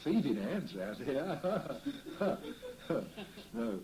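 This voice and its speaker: A cheery old Cockney barrow boy's spirit, as a man in a séance puts him on, rambling through his memories with chuckles. His voice has a warm, mellow tone, and his pitch swings up and down as he talks, in a folksy, chatty way. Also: sing-song, normal speed, low-quality recording. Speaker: trance medium. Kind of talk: séance trance communication.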